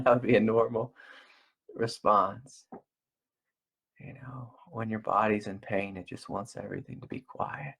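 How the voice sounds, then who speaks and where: A middle-aged man giving a gentle, slow spiritual talk as a meditation teacher, repeating phrases softly. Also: on the low side, creaky, breathy edge. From United States. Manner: slow, gentle and soft-spoken with repetitions.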